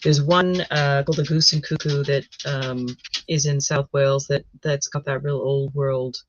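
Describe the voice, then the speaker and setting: A woman from the United States with an American accent, chatting casually with many pauses and restarts. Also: rumbling low, fairly even intonation, lo-fi sound, background noise. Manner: hesitant, many ums and restarts. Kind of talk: casual chat.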